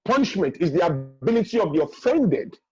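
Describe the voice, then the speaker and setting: A high-pitched, very animated man with a dark tone talks briskly over soft background music, a guest speaker offering emphatic parenting advice on a webinar. He repeats his main points and plays out what parents say, heard through dull, lo-fi video-call audio.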